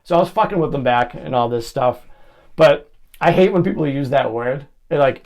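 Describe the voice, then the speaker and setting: A man's voice: mid-range voice, fairly quick, a little mellow. A young man hosting a podcast on his own, telling casual stories in a rambling way with plenty of "like" and fillers. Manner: rambling, filler-heavy, lots of "like". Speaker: podcast host. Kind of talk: casual solo storytelling.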